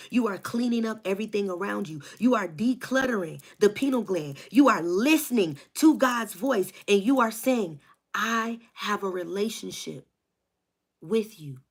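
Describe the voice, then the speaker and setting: A woman doing a spiritual tarot reading for her viewers, preaching with rhythmic repetition and a hyped, encouraging manner. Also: medium pitch. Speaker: tarot reader.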